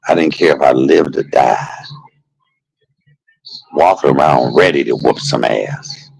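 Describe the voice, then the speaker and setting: A man streaming a casual storytelling monologue, animated and laughing, shifting between jokes and heartfelt moments. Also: rumbling low, unhurried, gravelly, breathy edge, low-quality recording.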